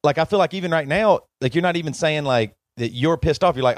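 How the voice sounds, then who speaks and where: Brief: male podcast co-host, emotional and pleading in a heated argument, slightly higher voice, dry close sound. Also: fast, no echo. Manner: emotional, pleading, talks over others. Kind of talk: heated argument between friends.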